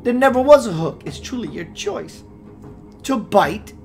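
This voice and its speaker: A man hosting a spiritual radio show, preaching with playful rhymes and sudden swings between loud and hushed. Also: very high voice, animated, a little slow, vocal fry, faint music behind. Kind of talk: impassioned spiritual talk.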